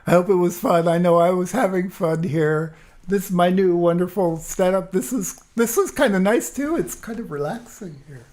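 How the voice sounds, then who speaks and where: A man's voice: high voice, normal speed, a little mellow. A man chatting casually with livestream viewers from an easy chair at home, laughing often between remarks. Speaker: musician hosting a livestream.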